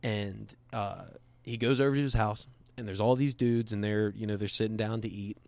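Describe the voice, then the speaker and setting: A man's voice: lowish voice, fairly even intonation, moderate pace, creaky, darkish tone, no room sound. A man earnestly telling a personal faith story in casual conversation, rambling with restarts and slipping into quoted voices.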